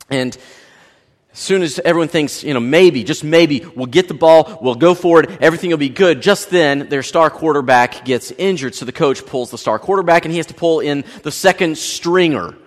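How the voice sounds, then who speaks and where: A man preaching a sermon, telling stories animatedly and swinging between loud and hushed. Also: on the high side, big-room sound. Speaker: pastor. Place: large church sanctuary.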